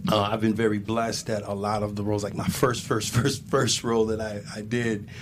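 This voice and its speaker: A man, an actor, chatting in an interview, animated and full of restarts. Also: fairly low pitch, fairly quick, noisy background. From Haitian heritage. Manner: animated, many restarts and laughs. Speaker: actor guest. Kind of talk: casual interview chat.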